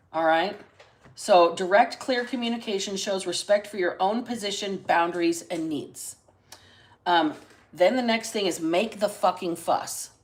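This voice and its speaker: A woman's voice: on the low side, low-quality recording. A woman hosting a casual tarot-reading livestream, chatting bluntly and swearing freely. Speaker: tarot reader and livestream host.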